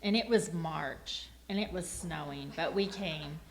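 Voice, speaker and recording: Gravelly-voiced middle-aged woman telling a testimony. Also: low-pitched, unhurried, a little hiss or hum. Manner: lively storyteller, acts out quoted dialogue, laughs often. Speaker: church member giving a testimony. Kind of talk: personal testimony storytelling.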